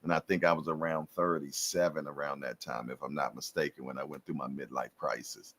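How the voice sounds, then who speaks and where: A man's voice: rumbling low, steady tone, fairly quick, a bit bright, a little hiss or hum. A man in his fifties hosting a live stream, chatting casually with viewers in laid-back slang and laughing often. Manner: laughs often between lines.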